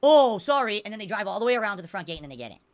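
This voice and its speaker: A woman's voice: mid-range voice, very animated, very fast, a bit bright. A woman hosting a podcast from her room at home, ranting in a casual, exasperated way and answering viewers in the chat. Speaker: podcast host. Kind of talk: casual livestream rant.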